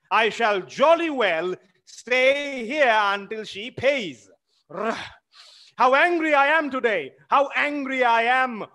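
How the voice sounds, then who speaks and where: A man's voice: high voice, a bit bright, pitched above the performer's own voice. A man, reading aloud as a furious middle-aged landowner who blusters over an unpaid debt. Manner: blustering, indignant exclamations.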